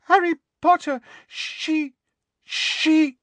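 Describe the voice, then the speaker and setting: Dobby, a squeaky terrified house elf. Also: male voice, steady tone, very slow, a bit bright, no echo, exaggerated voice. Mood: frantic. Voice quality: squeaky, shrill. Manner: frantic, trembling, servile. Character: tiny terrified male house elf, squeaky, self-punishing.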